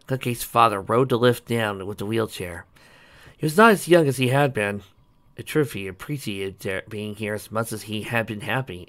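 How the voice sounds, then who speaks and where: A man with a fairly low voice reads a story aloud. His reading is plain and a little uneven, and he stumbles over a word now and then. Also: fairly bright tone. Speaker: reader.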